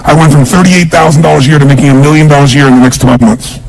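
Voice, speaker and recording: Brief: a male motivational speaker with a raspy, gravelly voice, pitched a bit high, emphatic and punchy. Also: fairly even intonation, very fast, a little mellow, rough recording. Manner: emphatic, drills the audience with call-and-response. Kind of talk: motivational seminar speech.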